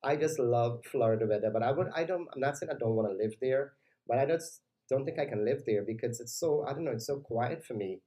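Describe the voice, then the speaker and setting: A man's voice: mid-range voice, a little fast, mellow, low-quality recording. A man DJ hosting a casual live stream, chatting with viewers, greeting them by name and reading their comments aloud. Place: lives in New York.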